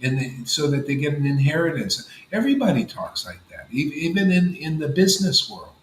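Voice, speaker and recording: A man's voice: on the high side, sing-song, brisk, echoey room, a little hiss or hum, rough recording. A man leading a gathering of devotees, giving an informal devotional talk in a rambling, conversational way full of "you know" and "man". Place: room with a gathered group of listeners.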